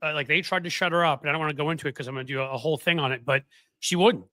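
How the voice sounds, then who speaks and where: A man hosting a political commentary show, chatting casually with a sarcastic, rambling, animated manner. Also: a little high, racing, no echo.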